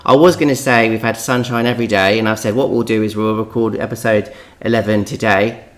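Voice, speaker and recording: A man's voice: lowish voice, fairly even intonation, a little fast. Chatty London man co-hosting. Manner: chatty, leads the conversation. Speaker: podcast co-host, the son. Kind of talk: casual chat. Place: holiday villa.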